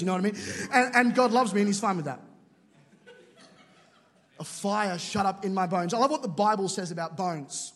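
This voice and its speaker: A man preaching a sermon, telling jokey stories with quick asides to a church auditorium. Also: high voice, fairly bright tone. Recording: large hall with long reverb.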